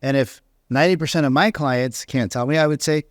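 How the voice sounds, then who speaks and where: A middle-aged man coaching real estate agents in a lively podcast monologue, slipping into quoted voices as he tells stories. His voice sits at a medium pitch. The sound is dry and close, with almost no room in it. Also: fairly quick, dry recording. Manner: animated storytelling, acts out quoted voices.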